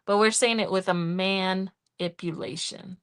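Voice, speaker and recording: A middle-aged woman hosting a budgeting livestream from home, chatting casually and counting cash out loud in an easygoing way. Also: medium pitch, steady tone, measured pace, clean tone. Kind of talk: casual live-stream chat.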